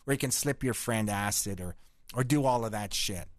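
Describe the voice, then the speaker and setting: A man's voice: lowish voice, moderate pace, dry recording, clean studio sound. Brash profane Canadian man. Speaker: podcast host. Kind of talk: crude casual banter.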